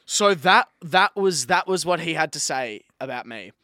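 Young man, podcast co-host, angry sweary rant, voice sits a bit high, dry close sound. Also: expressive, normal speed, bright, forceful tone, no echo. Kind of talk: ranting podcast chat.

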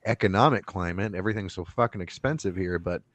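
A man's voice: deep voice, quick pace, a bit bright, no room sound. Profane joking man, dry sound. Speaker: podcast co-host. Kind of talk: casual chat.

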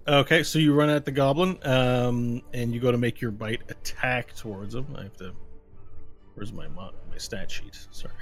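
A man's voice: medium pitch, a bit bright. A man running a tabletop game as game master, narrating the action vividly and throwing in playful sound effects.

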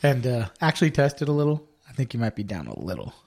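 A man's voice: mid-range voice, huge pitch swings, fast talker, gravelly, a little mellow. A man hosting a podcast, laid-back, introducing his guest and asking short questions. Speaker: podcast host. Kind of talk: casual interview.

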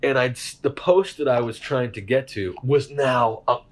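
A man's voice: medium pitch, moderate pace, crowd noise. A man hosting a casual chat, telling a story with lots of laughter and acted-out voices. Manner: animated, laughing, acts out voices in his stories. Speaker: host.

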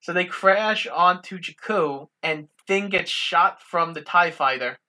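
A woman with a lowish but bright, forceful voice walks through a film's plot. She delivers it step by step in a matter-of-fact way, keeping the chat casual. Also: a little slow. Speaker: podcast co-host. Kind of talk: casual film recap, plot narration.

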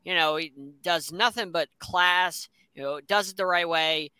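Guy on a sports podcast, rambling hot takes, real bright voice, pitched a bit high. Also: fairly even intonation, a little slow, clean tone, no room sound. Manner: enthusiastic, opinionated, rambling. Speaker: sports show co-host. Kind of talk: casual sports talk.

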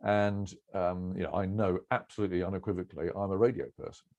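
A middle-aged man telling relaxed anecdotes as an interview guest, rambling and self-deprecating with restarts and chuckles. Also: sits low, quick pace, lo-fi sound. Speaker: cricket broadcaster, interview guest.

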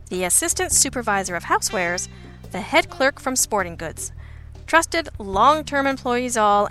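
A woman narrates a story in the first person with a dry, sardonic wit. Her voice is bright and forward, and faint music sits under the reading. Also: medium pitch. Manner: wry and sardonic. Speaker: audiobook narrator.

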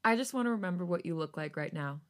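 A woman co-hosting a podcast, reading fan fiction aloud in a soft voice and breaking off into loud, laughing, flustered chat. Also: lowish voice, lively intonation, quick pace.

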